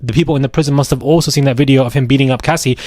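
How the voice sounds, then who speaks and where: A man hosting a commentary channel, giving rapid, animated opinions with sarcastic asides. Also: medium pitch, no room sound.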